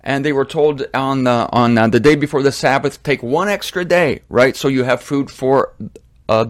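A man's voice: mid-range voice, moderate pace. An older man giving a casual, chatty Bible lesson with jokey asides and digressions. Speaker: Bible teacher.

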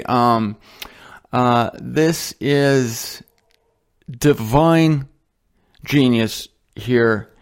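A man hosting a Bible teaching show, talking in a loose, conversational way with asides and slow, dramatic emphasis. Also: mid-range voice. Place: indoors, a guest home. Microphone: headphones on, talking into a mic.

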